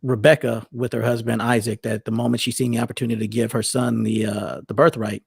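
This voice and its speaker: Gravelly fast-talking man, rambling. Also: mid-range voice, flat delivery, no echo, studio quality. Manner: rambling, many restarts and self-corrections. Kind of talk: casual conversational talk.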